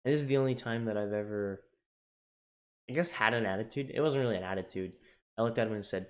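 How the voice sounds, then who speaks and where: A young adult man, a navy sailor sharing his journey, tells his own story on a casual vlog in a fast, lowish voice. He's candid and emotional, swinging between quiet and excited, swearing now and then and often restarting sentences.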